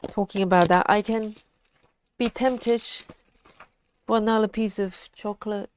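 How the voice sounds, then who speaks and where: Slow-talking woman, relaxed live chat. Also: medium pitch, a little hiss or hum. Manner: relaxed, reads viewer comments aloud, frequent ums. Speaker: live stream host. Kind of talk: casual live-stream chat.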